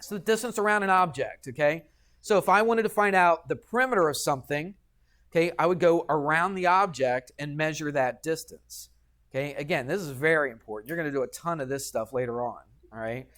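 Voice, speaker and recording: A male math teacher talking through a geometry lesson in a classroom. His voice sits a little high for a man, and he is patient and talkative, tagging "okay?" onto his points as he checks in with the class. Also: fairly quick, fairly bright tone.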